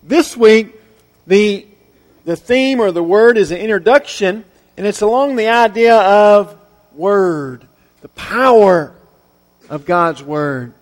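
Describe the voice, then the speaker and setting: A man preaching a Sunday sermon to his congregation, earnest and unhurried, with pauses filled by "uh". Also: high voice. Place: church sanctuary. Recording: reverberant church sanctuary.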